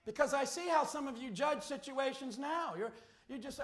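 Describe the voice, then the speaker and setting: A man preaching a fiery sermon as pastor, with rhetorical questions that build into shouts. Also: very high voice, moderate pace. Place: church sanctuary. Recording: echoey church hall.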